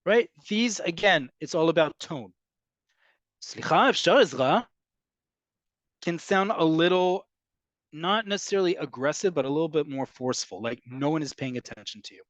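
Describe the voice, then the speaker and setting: Man teaching hebrew, chatty, slightly high voice, dry close sound. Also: dry recording. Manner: chatty, explains slowly, acts out tones. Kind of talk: online language class.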